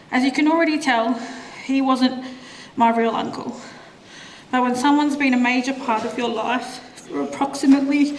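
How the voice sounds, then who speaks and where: A middle-aged woman reading a eulogy in a church, her reading emotional and tearful. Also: high voice. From Australia. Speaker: eulogy speaker. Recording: echoey church with faint room noise.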